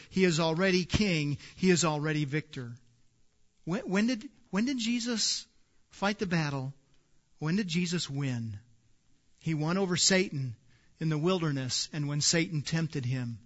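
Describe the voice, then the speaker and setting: High-voiced preacher building to loud peaks. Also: male voice, measured pace, muffled recording. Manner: builds to loud emphatic peaks, repeats words. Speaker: pastor. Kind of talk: sermon.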